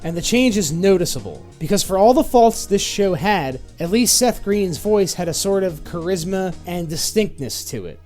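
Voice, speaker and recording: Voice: medium pitch, lively intonation, moderate pace, few pauses, dark tone, faint music behind. A video reviewer narrating a sarcastic, profane comedy review of an old TV show, sounding exasperated. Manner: sarcastic, exasperated, swears often.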